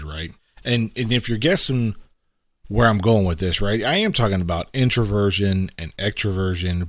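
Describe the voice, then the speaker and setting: Middle-aged guy hosting a podcast, low voice, chatty, keeps going "right?", dry close sound. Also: dry recording. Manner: conversational, frequent "right?" asides, acts out quotes. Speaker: podcast host. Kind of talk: casual reflective monologue.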